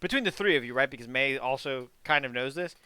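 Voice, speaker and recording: A man's voice: mid-range voice, fast, bright, forceful tone, clear, resonant tone, dry recording. A man acting as game master of a tabletop game, narrating loosely with many fillers and restarts. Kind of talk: running a tabletop game over stream.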